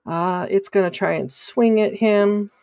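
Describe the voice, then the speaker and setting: A man running a tabletop game as game master, narrating the action in a halting way with many fillers and restarts. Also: high-pitched, steady tone, vocal fry, a little mellow, clear, resonant tone, no echo, studio quality.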